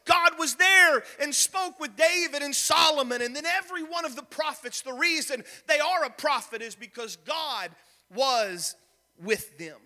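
A young man preaching a sermon, telling a story with shouted peaks and sudden soft drops. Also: very high-pitched, measured pace, long reverb tail. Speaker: pastor.

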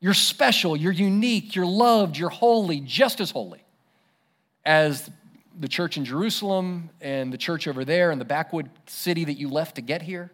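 A preacher voicing an earnest apostle Paul. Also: male voice, on the high side, normal speed, a bit bright, lightly acted.

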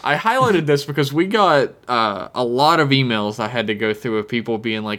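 A male podcast co-host trading jokes in easygoing banter, his pitch swinging widely as he talks. He reads listener emails aloud between teasing remarks. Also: animated, normal speed, hardly any pauses, fairly bright tone.

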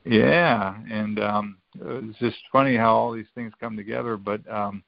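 A man's voice: lowish voice, steady tone, a little slow, gravelly, dry recording. A man in his fifties, a podcast guest, telling rambling stories full of restarts and acted-out quotes. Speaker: podcast guest, former college football player. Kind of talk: casual storytelling. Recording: dull, lo-fi sound.

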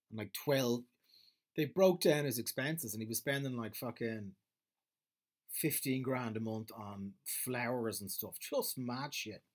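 A man delivering a profane, rambling comedic monologue as a podcast host. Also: on the low side.

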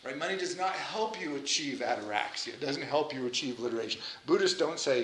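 A man giving an informal lecture in a chatty, animated way, with self-deprecating asides. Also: medium pitch, fairly quick, echoey room, slight background noise, rough recording.

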